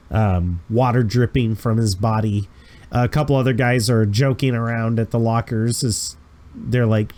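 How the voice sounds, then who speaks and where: A man's voice: mid-range voice, darkish tone. Man narrating as game master. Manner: casual, descriptive, chuckling asides.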